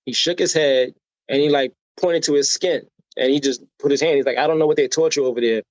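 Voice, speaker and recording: A slightly high-voiced American man talks fairly quickly as a podcast interviewee, spinning energetic personal stories, imitating the people he quotes, and regularly asking "right?" to engage the listener. The audio is dry and muffled.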